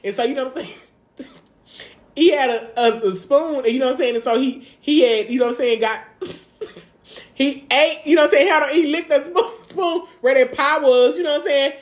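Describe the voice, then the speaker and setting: A woman's voice: high-pitched, normal speed, roomy sound. A woman co-hosting a podcast, telling a funny family story in loose casual chat, laughing often and leaning on "you know what I'm saying.". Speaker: podcast co-host.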